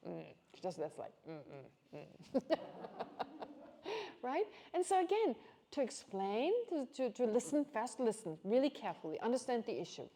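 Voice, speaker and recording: A woman Buddhist teacher giving a casual, chatty teaching talk, telling stories and quoting voices. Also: medium pitch. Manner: chatty, animated storytelling with quoted voices. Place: teaching hall at a nunnery.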